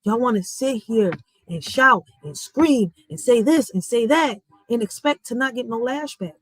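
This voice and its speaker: A woman's voice: on the high side, animated, unhurried, a bit bright, dry recording, rough recording. Blunt ranting woman. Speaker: vlogger. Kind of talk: heated social media commentary.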